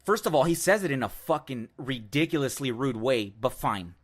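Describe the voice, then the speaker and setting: A man hosting his own show, ranting hard about a video he just played. He talks in a heated, profane rush, at an ordinary pitch for a man. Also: expressive, moderate pace. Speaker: show host. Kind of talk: ranting commentary on a video clip.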